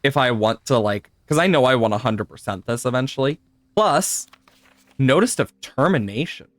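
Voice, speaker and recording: Lively chatty man streaming a game. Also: medium pitch, normal speed, no echo. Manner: chatty, laughs often, swears, talks to chat. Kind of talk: live gameplay commentary.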